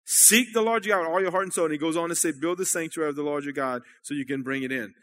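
A man preaching in a church service, his voice sitting high and ringing bright. He talks to the congregation like friends, asking "amen?" and checking they're still following. The delivery is loose and conversational rather than formal. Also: fast talker. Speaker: pastor. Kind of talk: sermon.

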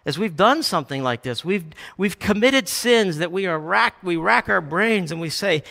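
A male pastor preaching a sermon, animated, acting out quoted Bible lines with a raised voice. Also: high voice, moderate pace, gravelly, few pauses. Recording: long hall reverb.

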